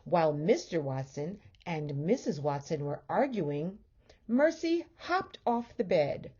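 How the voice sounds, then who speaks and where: A woman teacher reads a children's book aloud in a gentle, expressive voice. She is low and mellow, a little husky, and moves slowly with a lively melodic lilt. The recording sounds muffled and lo-fi. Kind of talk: storybook read-aloud.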